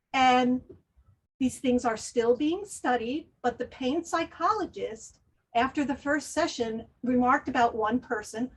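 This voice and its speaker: A woman presenting as a laughter yoga instructor, calmly explaining the health benefits of laughter and leading breathing and forced laughter exercises. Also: a little high, breathy edge. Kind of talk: guided wellness presentation.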